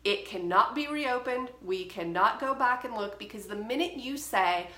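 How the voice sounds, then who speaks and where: A woman's voice: fairly high pitch, lively intonation, moderate pace, bright, forceful tone, echoey room. A woman hosting a photography advice show, speaking firmly and directly. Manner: firm, direct and emphatic. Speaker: photography educator and podcast host. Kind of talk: solo talk to camera, advice.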